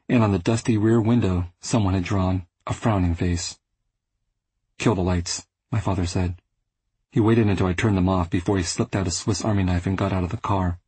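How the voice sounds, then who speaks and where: A male audiobook narrator with a low, very husky voice reads first-person literary fiction. His delivery is measured and restrained, and the sound is dry and close. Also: a little mellow, no echo, poor audio.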